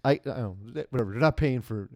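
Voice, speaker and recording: A man's voice: medium pitch, mellow, no echo, studio quality. Rambling, self-mocking podcast host man. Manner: rambling, self-deprecating, quick asides. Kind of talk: casual sports podcast chat.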